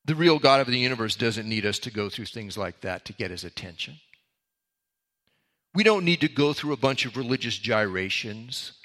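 A man's voice: mid-range voice, bright, forceful tone. A man preaching a sermon, reading verses aloud and explaining them with casual asides. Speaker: pastor.

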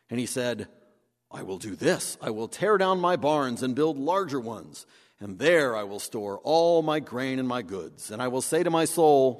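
A man preaching a sermon, animated, acting out the voices he quotes. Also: medium pitch, measured pace. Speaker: pastor. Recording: long hall reverb.

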